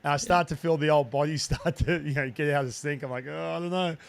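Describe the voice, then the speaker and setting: A man's voice: a little high, steady tone, quick pace. Chatty enthusiastic man hosting. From Australia. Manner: enthusiastic, chatty, many restarts. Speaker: podcast host, broadcaster. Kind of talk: casual interview chat.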